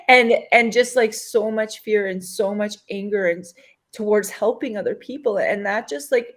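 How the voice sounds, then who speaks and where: A woman chatting on an online talk show, telling a personal story in an earnest, open way. Her voice sits at a middle pitch, and she breaks into light laughs as she goes. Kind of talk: casual chat.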